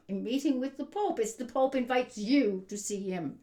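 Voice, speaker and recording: A woman's voice: fairly high pitch, moderate pace, hardly any pauses, warm tone. A woman giving an exasperated, emphatic rant as a vlogger. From Canada. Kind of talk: ranting commentary. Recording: roomy echo.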